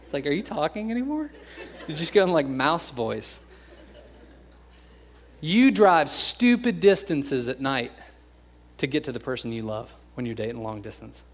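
A young American man preaching a sermon in a casual, joking way, slipping into quick impressions of other people. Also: mid-range voice, expressive. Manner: conversational and joking, acts out quoted voices. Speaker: pastor.

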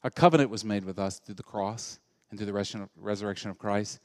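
Animated male pastor preaching a sermon. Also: on the low side, fairly quick, no echo, studio quality. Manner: animated preaching that shifts between loud and hushed.

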